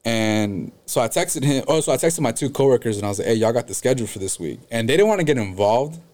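A man's voice: medium pitch, animated, fast, darkish tone. A young man telling a story in casual chat, slangy and full of cursing and "like" fillers. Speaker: podcast guest telling a story.

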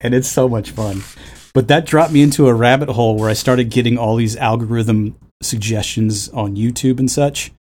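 A man's voice: mid-range voice, fairly even intonation, normal speed, a little mellow. Rambling, laughing man hosting a podcast. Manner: rambling, laughing, jumps into sung bits. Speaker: podcast host. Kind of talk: casual chat.

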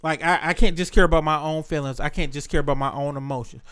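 A man's voice: on the high side, steady tone, fast talker, a bit bright, clear, resonant tone. A man hosting a podcast, telling personal stories in a candid, profane, reflective way. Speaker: podcast host. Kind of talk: casual podcast chat.

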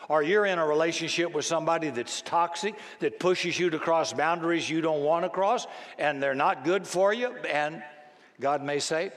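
A man's voice: a little high, normal speed. Older man preaching in an echoing hall. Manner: conversational, self-deprecating, acts out voices in stories. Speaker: pastor. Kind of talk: sermon. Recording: long hall reverb.

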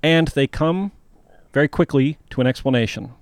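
A man's voice: fairly high pitch, normal speed, no room sound. A man co-hosting a casual history podcast, telling the story and building suspense with questions. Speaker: podcast co-host.

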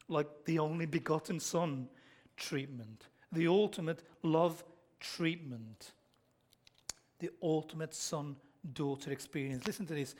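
A man with a Black Country accent preaching a sermon, earnestly and directly addressing his listeners, often dropping to soft, intense tones. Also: a little high, unhurried. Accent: Black Country English.

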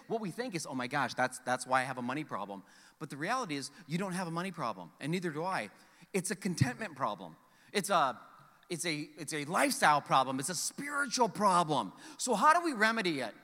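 Animated bright-voiced pastor in a reverberant church. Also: male voice, high-pitched, fairly quick. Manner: animated, joking, acts out quoted voices. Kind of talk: sermon. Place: church sanctuary. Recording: long hall reverb from church sanctuary.

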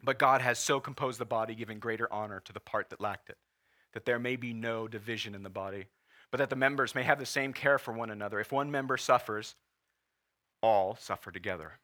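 A pastor in his forties preaches in church with a bright, forceful voice. He talks earnestly and with feeling, holding back tears at times. His pitch sits in the middle for a man. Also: quick pace. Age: 40s. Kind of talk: sermon.

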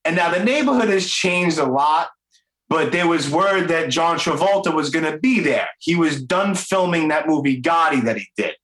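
A man's voice: a little high, moderate pace, reverberant, low-quality recording. A man with a thick Brooklyn accent hosting a podcast, telling stories animatedly in casual chat. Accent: Brooklyn, New York. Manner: animated storyteller, laughs easily. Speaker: podcast host.

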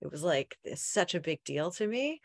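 A woman's voice: deep voice, very animated, moderate pace, vocal fry, dry recording. A woman co-hosting a casual chat, telling personal memories in a giggly, self-deprecating way.

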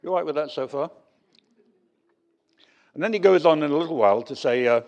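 A man's voice: fairly high pitch, brisk, long pauses. A man preaching a sermon, telling stories with wry humour. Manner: lively storytelling with wry humour.

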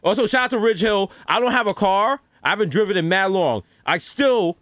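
Animated man joking around. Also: high voice, brisk, dry recording. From the Bronx, New York. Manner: profane, mocking, acts out voices in jokes. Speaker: podcast co-host. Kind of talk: casual comedic chat.

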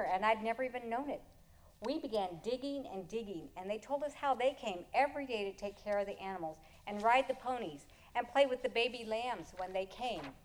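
A woman telling a personal story before an audience, expressive and often chuckling as she tells it. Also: fairly high pitch.

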